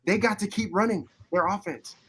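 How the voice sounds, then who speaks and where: A man telling a football story in a casual podcast chat, animated and loud at times. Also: high-pitched, brisk, slightly rough. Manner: animated storyteller, shouting replays. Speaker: former player guest.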